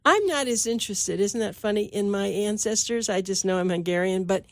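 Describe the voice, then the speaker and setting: A woman's voice: medium pitch, brisk, no room sound, clean studio sound. A woman hosting an interview, chatty and enthusiastic. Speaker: talk show host. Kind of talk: interview conversation.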